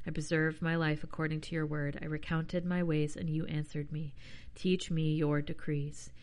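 A woman podcast host reading scripture aloud in a plain, unhurried voice, breaking off now and then for chatty, self-deprecating asides. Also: deep voice, flat delivery, darkish tone.

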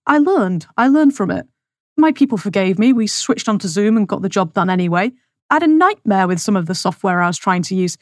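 A woman's voice: mid-range voice, no echo. A woman rants through her podcast monologue, sarcastic and scornful, hammering home her points by repeating them. Her voice sits in an ordinary middle register and is recorded close and dry, with no room sound at all. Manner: scornful, sarcastic, emphatic repetition. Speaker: podcast host. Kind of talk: opinionated monologue.

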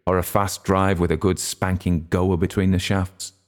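A man reading a story voices a hearty, jovial middle-aged gentleman who speaks stoutly. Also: sits low, flat delivery, normal speed, close to an everyday voice.

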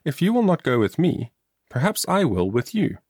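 A curious, persuasive young woman friend from a storybook, as a man reading aloud puts her on, her voice lifted and swinging high. The audio is dry and close. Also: big pitch swings, moderate pace, a little mellow, breathy edge, no room sound.

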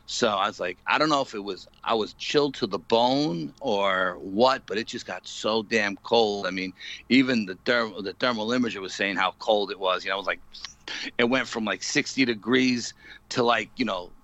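A man's voice: lowish voice, normal speed, sharp tone, no room sound, highs cut off. A man, a paranormal investigator, telling a story in an interview with lots of fillers, acting out what people said. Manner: vivid storyteller, many fillers, acts out quotes.

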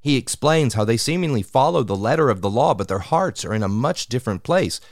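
A man preaching a sermon on scripture, measured and deliberate, slowing down to stress key words. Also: medium pitch, lively intonation, no room sound, clean studio sound. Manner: measured, slows for emphasis on scripture.

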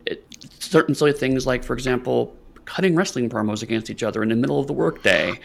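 Gravelly, laid-back man. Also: medium pitch, quick pace. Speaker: podcast co-host. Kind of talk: casual podcast chat.

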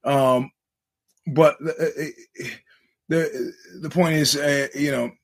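Husky-voiced man rambling through a podcast. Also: on the high side, steady tone, slow. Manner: rambling, frequent restarts, quotes others in voices. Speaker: podcast host. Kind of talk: casual monologue to listeners.

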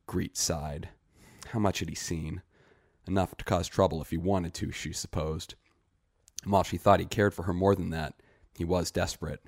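A man narrating a short story in a steady, measured read. His voice is very low. The recording is dry and close, with no room sound. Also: no room sound. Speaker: story reader. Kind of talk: scripted narration.

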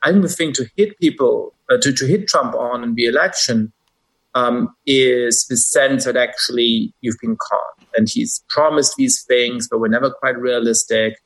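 A man's voice: medium pitch, fairly bright tone, slightly rough, rough recording. A man with a German accent, a podcast guest, making his case analytically with many hesitant fillers. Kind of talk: podcast conversation.

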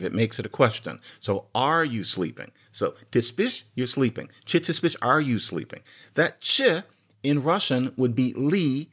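A man hosting a podcast, giving an informal, animated language lecture and chuckling now and then. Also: mid-range voice. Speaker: podcast host.

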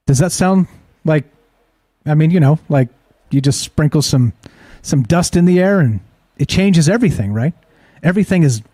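Male streaming host, mellow slightly high voice, skeptical rhetorical delivery, dry close recording. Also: slightly rough, no room sound. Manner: skeptical, rhetorical, keeps asking the audience "right?". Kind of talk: live-streamed talk show monologue.

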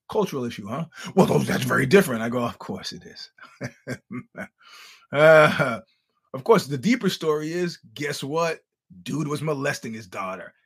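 A man hosts a podcast in a casual, wry monologue. His voice is husky and sits at an ordinary pitch. He tells blunt stories, acts out the other people's lines, and trips over frequent restarts. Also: fairly bright tone. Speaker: podcast host.

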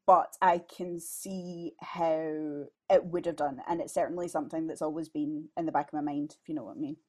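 A woman's voice: sits low, fairly even intonation, moderate pace, dark tone. A woman with a West of Scotland accent, a guest chatting casually on a podcast. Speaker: podcast guest, legal journalist.

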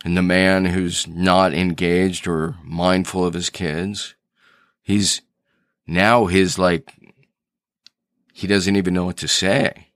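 Podcast host, man, deep unhurried voice, earnest storyteller, close dry mic. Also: flat delivery, no room sound. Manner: earnest storyteller, thinking aloud with restarts. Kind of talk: reflective solo podcast talk.

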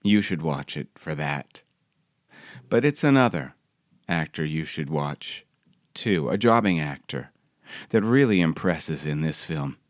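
A man's voice: very deep voice, expressive, unhurried, dry recording, studio quality. A man reading his own personal essay aloud in a wry, reflective, conversational way.

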